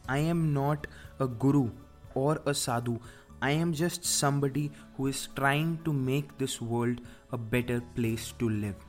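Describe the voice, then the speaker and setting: A man hosting a podcast, delivering a scripted motivational monologue with emphatic, repeated rhetorical questions. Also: medium pitch. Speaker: podcast host.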